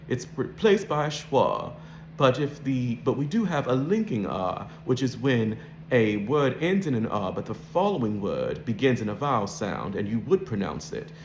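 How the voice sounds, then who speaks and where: A man's voice: mid-range voice, echoey room, a little hiss or hum. A man coaching an accent, explaining and demonstrating sounds in a lesson.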